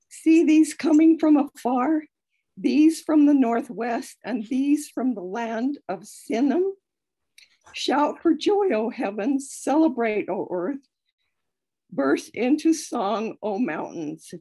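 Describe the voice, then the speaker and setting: A woman in a study group reading scripture aloud slowly and with feeling over a video call. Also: a little high, warm tone, slightly rough, low-quality recording. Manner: slow, careful, heartfelt reading.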